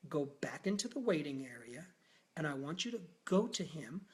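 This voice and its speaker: A man quoting a calm, grounded male doctor who speaks slowly and seriously, in his own voice. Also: high-pitched, natural voice. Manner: slow, serious, instructive.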